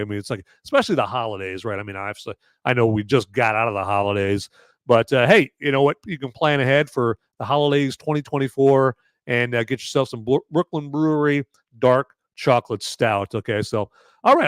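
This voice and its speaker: A man's voice: medium pitch, brisk, smooth, no echo, studio quality. A man hosting a podcast, giving a casual movie and beer review, rambling with lots of fillers and asking "okay?" often. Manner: rambling with many fillers and okays. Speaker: podcast host.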